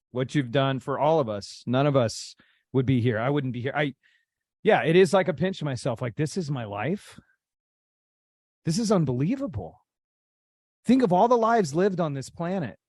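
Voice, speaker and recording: A man's voice: mid-range voice, a little mellow, no room sound, clean studio sound. A man talking casually on a video call, heartfelt and effusive as he praises his colleagues. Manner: heartfelt, effusive, rising enthusiasm. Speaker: colleague, guest. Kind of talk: casual chat.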